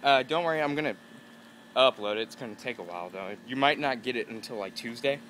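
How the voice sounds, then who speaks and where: A young man chats on a casual outdoor vlog, out of breath after a walk uphill, rambling and exasperated. His voice is bright and forward, and he acts out his own frustrated quotes. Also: mid-range voice, fast, a little hiss or hum. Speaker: vlogger.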